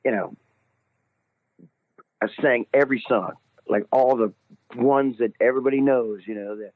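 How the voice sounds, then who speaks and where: An older man, a singer calling in as a guest, telling a story in an animated way, laughing often and jumping up high when he quotes himself. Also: moderate pace. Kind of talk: casual phone interview storytelling. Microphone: phone call. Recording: tinny phone line, dry.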